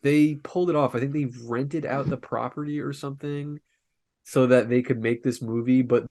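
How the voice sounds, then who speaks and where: A man's voice: medium pitch, steady tone, normal speed, darkish tone. A young man co-hosting a podcast, rambling in crude, casual banter full of swearing and restarts. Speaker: podcast co-host.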